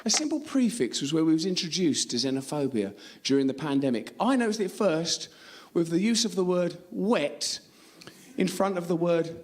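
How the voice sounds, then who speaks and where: A man from Essex with an Essex accent doing a stand-up routine, ranting, swearing and shouting in bursts. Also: fairly high pitch, normal speed, a little hiss or hum. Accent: Essex English. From Essex, England. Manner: animated, swearing, rants and shouts. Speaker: stand-up comedian.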